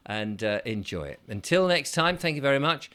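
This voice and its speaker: A man's voice: medium pitch, expressive, normal speed, a bit bright. A man, hosting his own channel in a casual, upbeat monologue and acting out little voices. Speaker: channel host.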